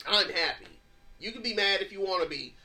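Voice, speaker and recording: A man quoting a cartoon superhero husband who is calmly grateful his wife is alive. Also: sits high, a little fast, full character voice, low-quality recording.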